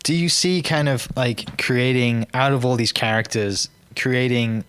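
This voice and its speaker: A man's voice: medium pitch, measured pace, a bit bright, clean tone. A man in his thirties hosting an interview, asking long rambling and hesitant questions. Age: 30s. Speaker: podcast host. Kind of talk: casual interview chat.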